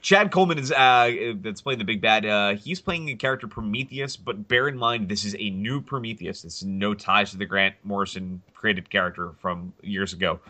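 A man with a low, bright and forceful voice chats on a casual podcast. He rambles eagerly and gets lively when joking about favorite characters. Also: moderate pace, hardly any pauses. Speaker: podcast co-host. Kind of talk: casual chat.

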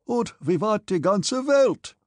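An eager young cadet, all brotherly good cheer, as a man reads him. The voice is raised a little higher than the narration, husky and a touch gravelly, close and dry. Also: animated, normal speed, no room sound, full character voice. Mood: friendly. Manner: warm and brotherly.

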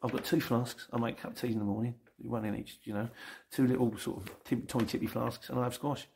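A middle-aged man with a London accent talks through viewer questions on his channel. His voice sits in a mid range with a gravelly, creaky texture. He rambles along in a chatty, self-mocking way. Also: mid-range voice, flat delivery, a little fast, darkish tone, slight background noise. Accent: London English. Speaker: YouTube channel host. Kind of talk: casual Sunday Q&A reading viewer comments.

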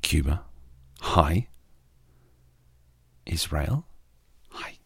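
An Australian man hosting a sleep podcast, talking slowly and softly, often dropping to a half-whisper. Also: extremely low pitch, lively intonation, gravelly, husky, no room sound. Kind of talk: soft-spoken sleep podcast talk.

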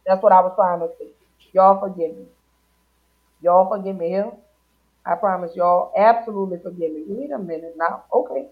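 A woman from Louisiana hosting a podcast in casual chat, playful and warm-hearted, singing out her greetings. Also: mid-range voice, normal speed, pauses often. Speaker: podcast host. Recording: dull lo-fi sound.

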